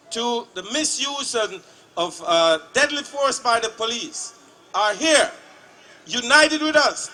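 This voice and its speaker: A male legislator speaking at a protest rally in a deliberate, chant-like way, leading repeated calls. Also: extremely high pitch, sharp tone. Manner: slow, deliberate, chant-like repetition. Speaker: state legislator.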